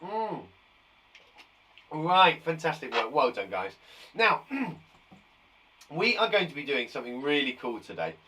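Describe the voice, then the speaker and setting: A man's voice: a little high, very animated, takes it slowly, long pauses, sharp tone, recorded from a distance. A man teaching a live online lesson to young children, upbeat, chatty and encouraging. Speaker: primary school teacher.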